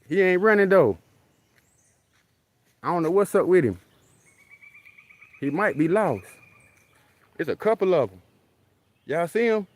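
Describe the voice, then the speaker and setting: A man's voice: fairly high pitch, no room sound. A man talking casually in a loose, repetitive street style, recording himself outdoors in a rural spot. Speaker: vlogger. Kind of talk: casual outdoor vlog talk. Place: outdoors in a rural area near deer.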